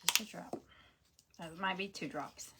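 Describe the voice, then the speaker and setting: A woman's voice: moderate pace, very noisy. A middle-aged woman, chatting casually and rambling through stories while she crafts on a livestream. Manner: rambling, animated, acts out quoted voices in a high pitch.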